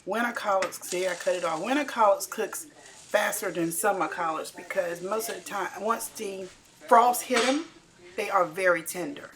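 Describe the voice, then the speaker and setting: A woman's voice: medium pitch, moderate pace, fairly bright tone, low-quality recording. A woman, narrating her home cooking video in a homey, repetitive way. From Carolina, US. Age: 60s. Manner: homey, repeats herself, folksy grammar. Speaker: home cook.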